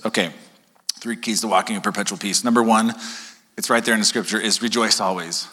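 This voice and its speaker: A man's voice: on the low side, a little fast, breathy edge. A male pastor preaching a sermon to his congregation in a conversational way, often checking in with "okay?" and joking with the crowd. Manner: conversational, keeps asking "okay?"; animated, jokes with congregation. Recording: long hall reverb.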